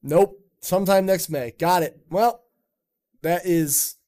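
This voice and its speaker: A man's voice: high voice, slow pace, dark tone. Loose, rambling man on a podcast. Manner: rambling, swearing, loose and jokey. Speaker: podcast host. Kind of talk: casual chat.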